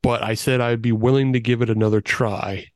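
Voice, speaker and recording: A man's voice: mid-range voice, steady tone, a little fast, no room sound, clean studio sound. Blunt, swearing man on a podcast. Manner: blunt, sweary, laughs often. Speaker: podcast co-host. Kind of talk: casual chat over beers.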